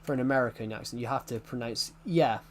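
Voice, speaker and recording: Here a UK gaming YouTuber talks fast in a medium-pitched voice, rambling through casual gameplay chat. He has an English accent and keeps restarting sentences, and there's slight background noise.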